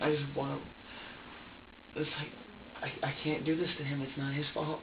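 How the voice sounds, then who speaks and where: A distressed man being questioned in an interrogation room, talking in halting, repetitive bursts and swearing often. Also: on the high side, level tone, gravelly, slight background noise. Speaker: interrogation suspect. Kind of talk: emotional confession under questioning. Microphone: security camera from a distance. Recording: dull roomy distant security-camera audio.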